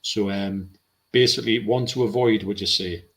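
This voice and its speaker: Man, low voice, casual live stream chat, reads viewer comments. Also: steady tone, normal speed, a bit bright. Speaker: co-host of a film live stream.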